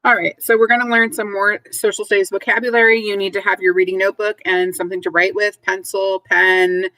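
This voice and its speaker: A woman teaching a recorded vocabulary lesson to third graders, speaking clearly and spelling words out letter by letter. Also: mid-range voice, level tone, a little fast, bright, forceful tone, dry recording, low-quality recording.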